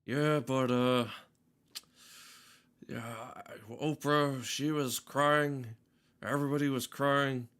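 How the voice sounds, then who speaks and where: A man doing an impression of a rambling elderly male film star giving a speech, halting and full of pauses. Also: mid-range voice, steady tone, a bit bright, clear, resonant tone.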